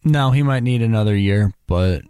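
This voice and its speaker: A man's voice: lowish voice, moderate pace, dark tone, clear, resonant tone, dry recording, clean studio sound. A man hosting a casual hockey podcast, steering the talk with an easygoing, slightly hesitant manner. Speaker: podcast host.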